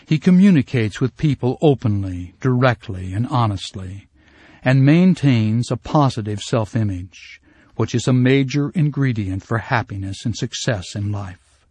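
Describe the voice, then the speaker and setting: A man with a middle-pitched voice reads a self-help course in a calm, measured way. His delivery is scripted and steady. The sound is dry and close, with no room around it. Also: husky, dry recording. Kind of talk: scripted instructional narration.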